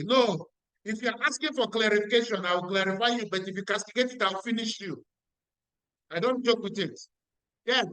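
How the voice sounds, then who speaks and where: Emphatic high-voiced Nigerian man. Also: pushed and bright, no echo, low-quality recording. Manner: emphatic, repeats lines, asks the audience questions. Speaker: business mentor. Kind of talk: motivational talk at a weekly meeting.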